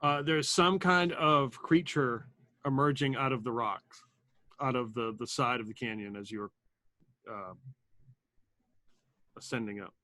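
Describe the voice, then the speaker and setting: A man's voice: mid-range voice, steady tone, unhurried, long pauses, bright, forceful tone, dry recording. A man running a tabletop game as game master, narrating with frequent fillers and restarts. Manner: hesitant, filler-heavy narration.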